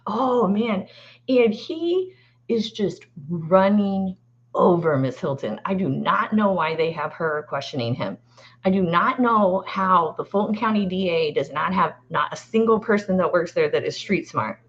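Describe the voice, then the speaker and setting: A woman who is a lawyer, chatting as a guest in an excitable, animated way and laughing often. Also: fairly low pitch, normal speed. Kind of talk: casual chat. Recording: dull lo-fi sound.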